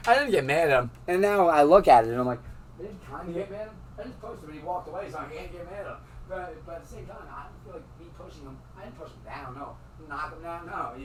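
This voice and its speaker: A man's voice: fairly high pitch, far from the mic, noisy background. A man telling a rambling, profane story in casual talk, laughing often as he goes.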